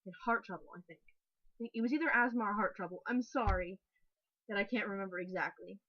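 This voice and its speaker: A woman's voice: mid-range voice, fast talker. A young woman giving a casual, rambling spoken review, full of "like" fillers and frustrated ranting. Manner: chatty, frequent "like" fillers, ranting. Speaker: anime reviewer. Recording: dull lo-fi webcam audio, dry.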